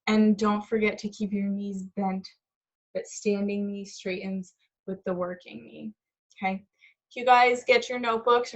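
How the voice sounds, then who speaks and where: A young woman ballet teacher calling counts and giving gentle step-by-step corrections during a live class in a dance studio. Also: medium pitch, level tone, measured pace. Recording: muffled recording with piano music behind.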